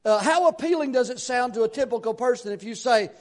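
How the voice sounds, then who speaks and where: Preaching from the pulpit, a man with a strikingly high, darkish voice speaks fast. He addresses his congregation in a folksy, conversational way, repeatedly asking them rhetorical questions.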